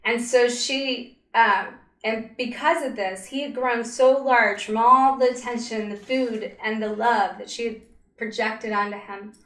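A woman narrating a story slowly and dramatically, with pauses and fillers, as a spiritual coach. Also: on the high side, fairly bright tone. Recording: roomy echo.

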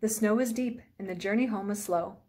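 A woman teacher reads a children's picture book aloud. Her narration is clear and gentle, at a mid pitch. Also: fairly quick. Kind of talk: children's storybook read-aloud.

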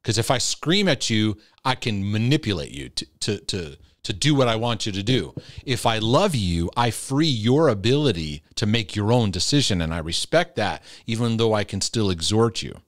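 Earnest low-voiced man answering questions. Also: very animated, normal speed, dry recording, studio quality. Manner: earnest and direct, with restarts and laughter. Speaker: Christian mental health teacher answering viewer questions. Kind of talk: casual livestream Q&A, reading and answering questions.

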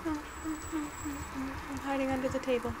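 A woman's voice: mid-range voice, unhurried, very noisy. A woman commentating a horror game she plays, often exclaiming in fright and laughing nervously. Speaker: gaming YouTuber.

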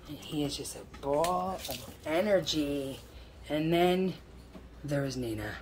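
A woman's voice: low voice, measured pace, a little mellow, slight background noise. A woman filming a casual pet vlog, cooing baby talk at her dogs with dogs snorting nearby. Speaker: pet owner vlogger.

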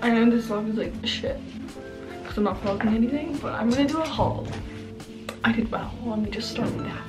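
A woman's voice: fairly high pitch, fairly quick, recorded from a distance. A woman talking through a shopping haul in a chatty, gushing way. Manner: chatty and gushing about her buys. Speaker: vlogger. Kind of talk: casual haul vlog. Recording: roomy and off-mic with loud music behind.

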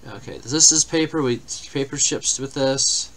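Speaking at a moderate pace with a medium-pitched, fairly bright tone, a man runs a live card-break stream. He rambles through casual stories, then lists names alongside their teams.

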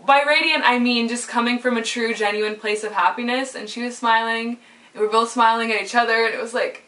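A young woman talking openly to her viewers in a casual, rambling way, full of "like" and quick laughs. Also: fairly high pitch, steady tone, pushed and bright. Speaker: vlogger. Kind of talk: personal vlog monologue. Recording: voice a little far from the mic.

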